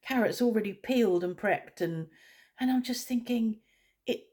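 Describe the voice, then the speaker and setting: A woman's voice: a little high, moderate pace, darkish tone. A woman vlogger talking in a casual, rambling way, blunt and opinionated.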